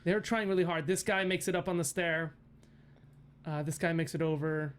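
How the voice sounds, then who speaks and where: A male game master narrates a tabletop game on a livestream, his voice sitting a bit higher than most men's. He giggles often and rambles through ums and half-started phrases as he describes the action. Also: fairly even intonation, normal speed, clear, resonant tone.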